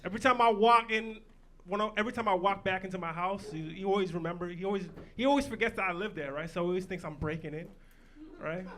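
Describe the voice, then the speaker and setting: Man, stand-up comic, high bright voice, profane punchy storytelling, comedy club. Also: quick pace. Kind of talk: stand-up set.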